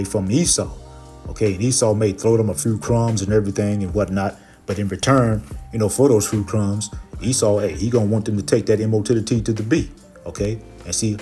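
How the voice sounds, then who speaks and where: A man preaching and teaching from scripture, filling his talk with "okay" and "you know" and reading verses slowly and with more force. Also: fairly low pitch. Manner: reads verses slowly and louder.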